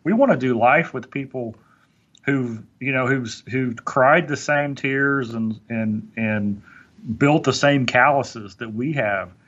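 Man, motivational podcast talk, earnest and preachy, mid pitch, muffled lo-fi audio. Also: slow, a bit bright. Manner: earnest, preachy, with many restarts. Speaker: podcast guest speaker.

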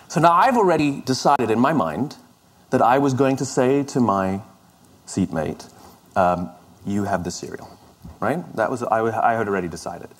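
A middle-aged man telling a story in a conversational, self-deprecating way, often restarting his sentences. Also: on the low side. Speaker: speaker. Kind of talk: storytelling talk.

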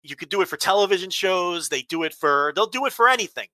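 A man's voice: high-pitched, lively intonation, fast, pushed and bright, no room sound. A man hosting a wrestling podcast, ranting bluntly with heavy swearing and exasperation. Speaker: podcast host. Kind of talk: casual chat, ranting.

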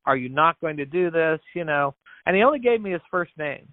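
A man with a fairly high, animated voice speaks a little fast in a dry recording over what sounds like a tinny phone line. He's a podcast guest and business founder telling an earnest interview story. He acts out the dialogue and often restarts or repeats words.

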